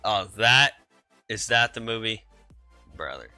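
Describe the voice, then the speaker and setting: Low-voiced teenage boy streaming on a headset. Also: expressive, slow, sharp tone, dry recording, faint music behind, poor audio. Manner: rambling, repeats himself, chuckles. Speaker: gaming streamer. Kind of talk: casual live-stream chat with viewers. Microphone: gaming headset microphone.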